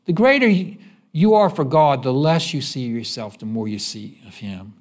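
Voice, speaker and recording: A man preaching a sermon in church, folksy and conversational, pausing to have the congregation finish his sentences. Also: medium pitch, animated. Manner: asks the congregation fill-in-the-blank questions; conversational, folksy, with quick repeats. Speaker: pastor.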